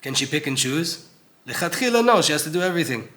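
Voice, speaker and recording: Bright-voiced man giving an earnest Torah class. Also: on the high side, big pitch swings, quick pace. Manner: earnest, conversational, acts out quoted voices. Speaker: Torah teacher. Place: old synagogue.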